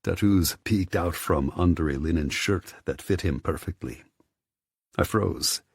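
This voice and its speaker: A very low, husky male voice reads a first-person story in measured, even steps. It sits dry and close to the mic, with nothing around it. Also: no echo. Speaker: audiobook narrator. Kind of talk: scripted first-person narration.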